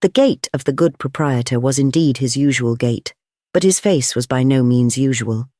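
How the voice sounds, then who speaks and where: Measured audiobook narrator, dry sound. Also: mid-range voice, warm tone, dry recording. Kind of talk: scripted narration of a classic novel.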